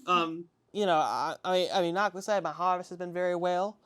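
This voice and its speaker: A man's voice: high voice, fairly quick, fairly bright tone, smooth. A man voicing a middle-aged farm mother who rambles with many hesitant fillers. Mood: rambling.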